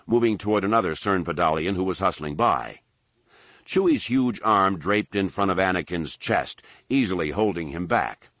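A man narrating an audiobook in a lively, expressive storytelling manner. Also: low voice, dry recording.

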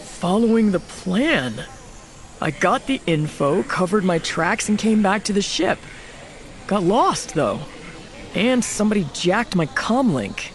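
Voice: mid-range voice, big pitch swings, slow pace. A narrator voicing a nervous, earnest young male spy in an audiobook, pleading and a little aggrieved. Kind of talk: audiobook character voice.

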